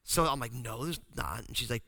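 A pastor from New Jersey telling a funny family story in a sermon, acting out the voices of the people in it. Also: male voice, mid-range voice, brisk, vocal fry, dry recording. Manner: animated, acts out voices in his story.

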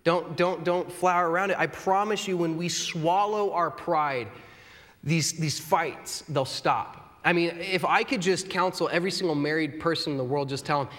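A man's voice: on the high side, moderate pace, a bit bright. A man in his thirties preaching a sermon in a conversational, earnest way, with self-deprecating humor. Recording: long hall reverb.

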